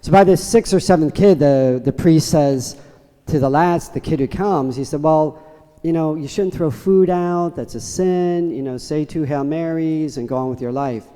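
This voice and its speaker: A man's voice: on the high side, normal speed, dark tone. A man, a priest, giving a sermon with a humorous story in a church. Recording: church reverb.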